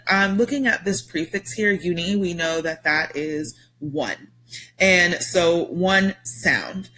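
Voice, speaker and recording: A woman's voice: deep voice, sharp tone. A woman teacher giving a recorded vocabulary lesson to her students, explaining patiently step by step with frequent ums.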